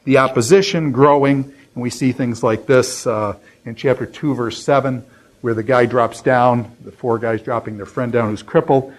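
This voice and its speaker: A man's voice: medium pitch, fairly even intonation, normal speed, low-quality recording. A man teaching a Bible lecture in a loose, conversational way, with fillers and restarts as he works through passages. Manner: conversational, many fillers and restarts, quotes scripture. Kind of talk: unscripted classroom lecture.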